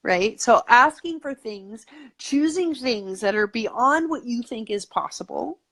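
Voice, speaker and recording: A woman's voice: a little high, expressive, a little slow, fairly bright tone. A woman guest in a casual interview, talking eagerly and at length, with lots of "like" and "you know.". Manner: eager, talkative, peppered with "like".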